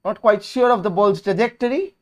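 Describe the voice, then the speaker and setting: A high-pitched man talks through a football match on his live stream. His casual commentary is chatty and opinionated, jumping from lively calls of the action to quiet, drowsy asides. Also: a little fast. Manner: chatty and opinionated, drifting between lively calls and low mumbles. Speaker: host of a live watch-along stream.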